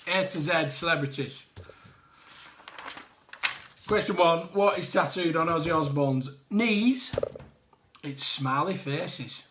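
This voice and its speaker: A man's voice: a little high, slow, long pauses, background noise. A man hosting a live online quiz, reading out answers with jokey, chatty asides. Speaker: quiz host.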